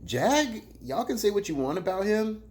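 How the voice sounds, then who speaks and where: Animated man riffing on battle rap. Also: normal speed. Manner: animated, slangy, swings between loud jabs and low asides. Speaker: battle rap commentary host. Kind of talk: casual commentary.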